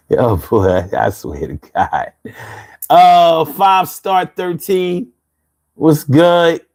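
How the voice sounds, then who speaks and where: Streetwise Philly-accented man in his fifties hosting a live stream, lively swings in pitch, laid-back and quick to laugh. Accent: Philadelphia. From Philadelphia, USA. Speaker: livestream host. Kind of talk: casual live chat reading comments.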